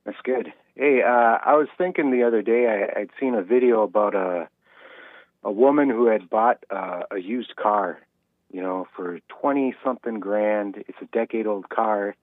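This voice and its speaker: A man from Minnesota calling in to a show, telling a story in a relaxed way with hesitant restarts. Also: lowish voice, normal speed, no room sound. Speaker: caller. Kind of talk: phone-in conversation. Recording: tinny phone line.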